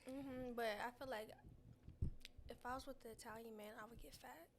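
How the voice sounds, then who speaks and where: A woman's voice: on the high side, steady tone, background noise. Easygoing young woman from the South. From Southern United States. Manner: easygoing, slangy, quick to laugh. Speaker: podcast co-host. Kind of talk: casual chat.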